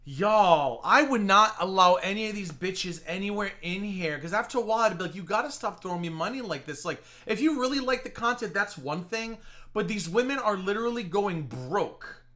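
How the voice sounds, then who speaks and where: A mocking reaction streamer gives live commentary in a bright, ringing voice that jumps all over its range. The delivery is sarcastic and profane, with mock-tearful impressions thrown in. It sounds like a casual home streaming setup. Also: medium pitch, animated, moderate pace.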